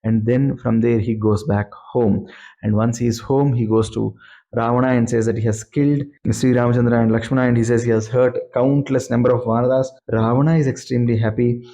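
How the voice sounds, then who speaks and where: A man's voice: mid-range voice, fairly even intonation, a little fast, warm tone, poor audio. A man retelling an epic story in an earnest, plain-spoken way, repeating phrases for emphasis. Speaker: scripture storyteller.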